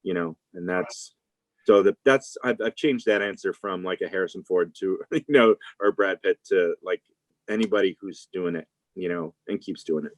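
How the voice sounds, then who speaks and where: Rambling low-voiced actor, dry sound. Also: male voice, moderate pace, no room sound, rough recording. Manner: rambling, many fillers and restarts. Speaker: actor, interview guest. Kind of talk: casual interview talk.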